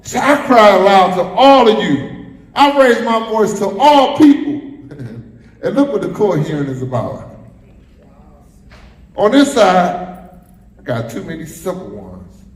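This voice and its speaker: High-voiced man preaching in an echoey hall. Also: big pitch swings, slow, pauses often. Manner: preachy, repetitive call-and-response with the congregation. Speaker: pastor. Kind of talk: sermon. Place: church sanctuary. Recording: echoey hall, roomy reverb.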